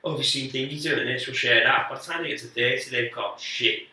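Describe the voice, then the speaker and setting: Speaking fast with a bright, forceful, mid-range voice and fairly even intonation, a guest comedian on a podcast tells rambling, sweary, self-mocking stories. He's recorded from a distance in an echoey room.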